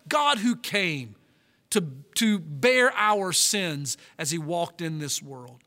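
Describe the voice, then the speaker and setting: Pastor, male, high bright voice, preaches with emphatic drawn-out stresses, long hall reverb. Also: expressive. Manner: emphatic, slows and stretches key words. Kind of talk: sermon.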